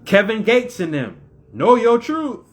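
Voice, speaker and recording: A man's voice: sits high, big pitch swings, a little slow. A man hosting his own video, giving a casual spiritual talk full of rhetorical questions in a preachy manner. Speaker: video host.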